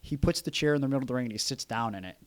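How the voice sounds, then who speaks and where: A man hosting a podcast, telling a wrestling story in animated casual chat and swearing freely. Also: medium pitch, very fast, no room sound.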